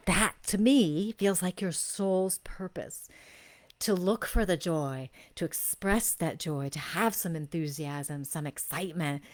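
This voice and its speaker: A woman hosting a live-stream soul reading for viewers, speaking in effusive, gushing praise and slowing into drawn-out phrases while she senses each person. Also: lowish voice, darkish tone. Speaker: intuitive reader and show host.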